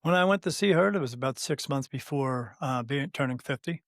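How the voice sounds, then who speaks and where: Man in his fifties telling a story haltingly. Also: medium pitch, dry recording, clean studio sound. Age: 50s. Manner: halting, many "uh" fillers and restarts, acts out quoted dialogue. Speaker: guest, spirit medium. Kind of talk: casual storytelling in an interview.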